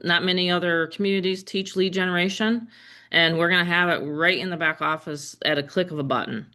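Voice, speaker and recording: A woman's voice: on the low side, fairly even intonation, a little fast, sharp tone. A woman in her fifties, a business trainer on a casual group video call, chatty and rambling with frequent laughs. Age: 50s. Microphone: headset or desk microphone.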